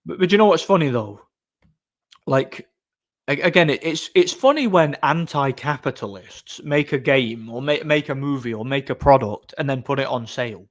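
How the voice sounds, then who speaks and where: A man's voice: mid-range voice, normal speed. A man hosting a casual livestream, rambling through stories with chuckles and frequent restarts. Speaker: livestream host.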